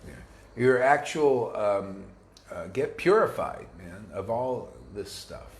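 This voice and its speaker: A man's voice: on the low side, very animated, takes it slowly, roomy sound, slight background noise. A man preaching an informal devotional sermon to his students, blunt and combative, full of slang and restarts. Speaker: spiritual teacher.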